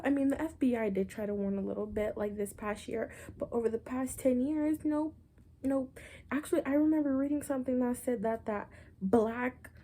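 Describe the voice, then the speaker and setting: A woman's voice: on the high side, warm tone. A woman ranting to camera in a blunt, profane, sarcastic way, full of exasperation. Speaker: vlogger. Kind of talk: political rant to camera.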